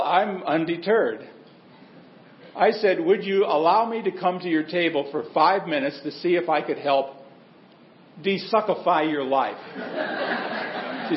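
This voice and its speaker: A man's voice: fairly high pitch, reverberant, dull audio. A male pastor preaching a sermon in a church, telling stories in a conversational, humorous way.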